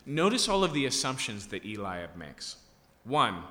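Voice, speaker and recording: A man's voice: medium pitch, very animated, moderate pace, sharp tone, long reverb tail. A man preaching a sermon, reading scripture and retelling it in casual, conversational speech. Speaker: pastor.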